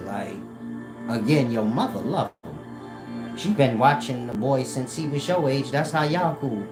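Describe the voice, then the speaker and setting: A man telling comic stories to his chat in a slangy, animated way, laughing often and slipping into quoted voices. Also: medium pitch, measured pace. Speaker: streamer talking to his chat. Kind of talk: casual comic storytelling. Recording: roomy sound with music behind.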